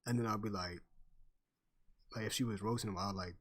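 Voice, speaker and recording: A man's voice: lowish voice, fairly even intonation, a little fast, fairly bright tone. A young man chatting casually on stream, telling a story full of slang and swearing and laughing often.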